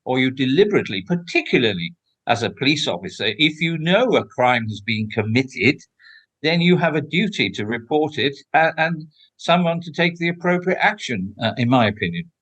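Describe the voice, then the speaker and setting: A man's voice: mid-range voice, sing-song, moderate pace, a bit bright. An older man, a former royal protection officer, answering interview questions in an emphatic, outspoken way with frequent restarts.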